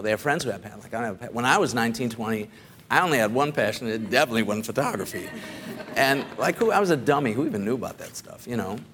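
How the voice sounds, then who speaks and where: A middle-aged man gives a loose, chatty talk to a studio audience, wandering through his thoughts and checking in with listeners along the way. His voice sits at an ordinary pitch, with a faint hiss behind it. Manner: rambling and conversational, full of "like" and "right?". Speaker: photographer giving a talk.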